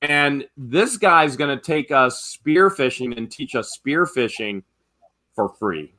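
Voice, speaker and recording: A man hosting a family vlog, telling a story in a casual, animated way and mimicking people's voices. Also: slow. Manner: animated, acts out quotes in a high shouting voice. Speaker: vlogger and family channel host.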